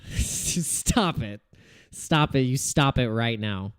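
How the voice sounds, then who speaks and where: A man's voice: medium pitch, lively intonation, takes it slowly, fairly bright tone, smooth, no echo, studio quality. A man hosting a casual livestream about trading, ranting in frustration, swearing and restarting his sentences. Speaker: crypto trading livestream host.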